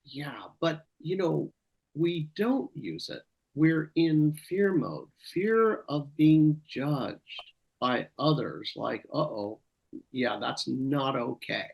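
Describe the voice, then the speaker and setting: Guy cohost on a radio show, husky voice, lively pitch, kinda dull lo-fi sound. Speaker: podcast co-host. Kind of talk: conversational radio talk.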